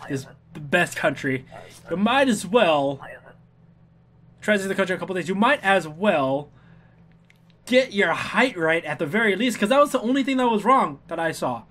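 A man's voice: high-pitched, expressive, normal speed, long pauses, a bit bright, slight background noise. A man giving casual gameplay commentary as a let's player, goofy and chatty, talking back to the characters and humming to himself. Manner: goofy, talks back to game characters, hums and sings to himself.

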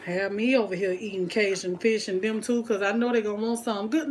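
A woman talking to viewers in a relaxed way while she cooks in her home kitchen, with frying sizzling behind her. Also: mid-range voice, fast, few pauses. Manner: chatty, talks to viewers and family at home. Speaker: cooking vlogger. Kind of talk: casual cooking vlog.

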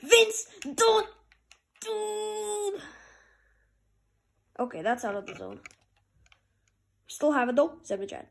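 A woman with a high, bright voice calls her hockey video game as she plays. She talks casually through passes and shots, then bursts into loud cheers when a goal goes in. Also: moderate pace, long pauses, a little hiss or hum. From Canada. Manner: excitable play-by-play, jumps to loud high cheers at goals. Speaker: gamer. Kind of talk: commentating own hockey video game play.

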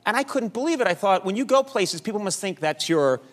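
A man hosting a talk show, interviewing a guest with quick jokes. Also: high-pitched, expressive. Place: television studio with audience.

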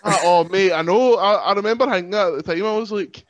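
A man's voice: sits high, quick pace, no room sound, rough recording. A man, a podcast guest on a remote call, chatting in a self-deprecating way and laughing often. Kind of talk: casual podcast chat.

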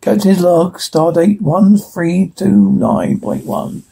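A man's voice: high-pitched, slow pace, vocal fry, mellow, breathy edge. A man reading a script aloud and naming each speaker, often stumbling over words. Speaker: reader of a script.

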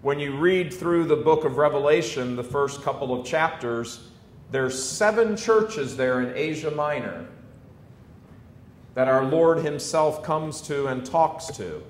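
An American man in his fifties gives an emphatic preaching talk to a live audience. He swings between loud declarations and quiet storytelling. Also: lively intonation, a little slow. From United States. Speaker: Catholic speaker addressing an audience. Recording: echoey room, faint low rumble.

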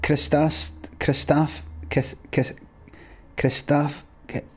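With a fairly high, slightly rough voice, a young man streams a game and rants at chat, sweary and mock-exasperated. His pitch barely moves and his pace is slow.

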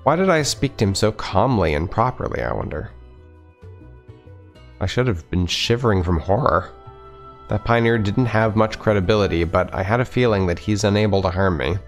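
Let's player, man, lowish voice, reads narration and chats, faint music under. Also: animated, normal speed. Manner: conversational, wry asides. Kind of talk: reading a visual novel aloud with commentary.

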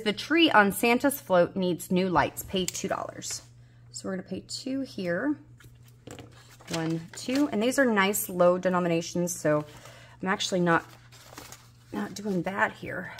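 A woman's voice: mid-range voice, measured pace, pauses often, slight background noise. A woman in her forties with a Southern US accent, chatting casually to herself as she plays a budgeting game and hunts for pieces, mildly exasperated. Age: 40s. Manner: talks to herself while searching, mildly exasperated. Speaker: budgeting vlogger. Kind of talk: casual solo chat.

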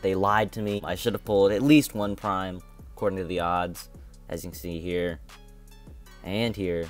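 A young man hosting his own gaming channel, commentating a mobile game box opening in a frustrated, complaining way and repeating himself. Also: deep voice.

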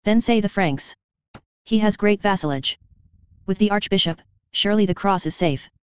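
A woman reading an epic poem aloud in a measured, steady recitation. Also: mid-range voice, smooth, no echo, dull audio. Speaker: reader.

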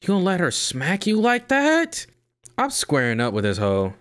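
A man casually commenting as he plays a game, talking to himself and reacting loudly. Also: high-pitched, wildly swooping pitch, normal speed, clear, resonant tone. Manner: talks to himself, hums melodies, jumpy reactions. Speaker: streamer playing a game. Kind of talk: casual let's-play commentary. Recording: game music playing behind.

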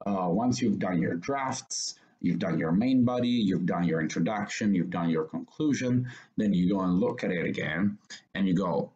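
A man's voice: sits low, normal speed, a little mellow, highs cut off. A man giving an online public speaking lesson in a casual, explaining way with plenty of fillers and restarts, over a video call. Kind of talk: online training lecture.

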